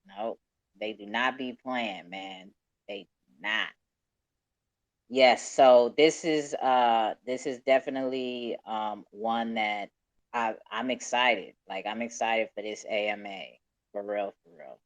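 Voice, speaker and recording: A man's voice: medium pitch, takes it slowly, no echo. A man hosting a casual live audio chat, laid-back and profane, laughing often. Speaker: host. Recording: dull lo-fi call audio.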